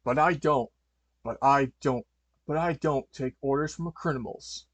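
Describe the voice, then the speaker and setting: A man's voice: medium pitch, a little slow, no echo, natural voice. Underdog, a heroic dog, voiced by a man. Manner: earnest, rhyming hero lines, stammering. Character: heroic male superhero dog.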